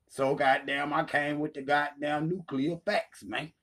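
A man with a somewhat high voice rants in a heated callout video, taunting his rivals and swearing without pause. He keeps it loud and mocking, dropping into a lower voice when he mimics others. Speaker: channel host. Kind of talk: profane ranting callout video.

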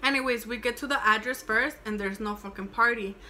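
A woman's voice: on the high side, fairly quick, sharp tone, a little hiss or hum. A young woman, chatting casually and swearing as she tells a storytime. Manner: chatty, swearing, switching into Spanish. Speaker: vlogger.

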